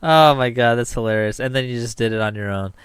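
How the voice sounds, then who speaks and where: Teasing, swearing man with a smooth voice. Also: medium pitch, fast talker, no room sound. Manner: teasing, laughs often, swears playfully. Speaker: podcast host. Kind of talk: casual podcast banter.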